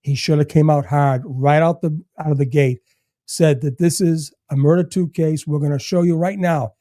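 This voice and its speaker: An older man, a retired federal agent guest telling stories in casual, animated chat and swearing freely. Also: on the high side, moderate pace, no echo, clean studio sound.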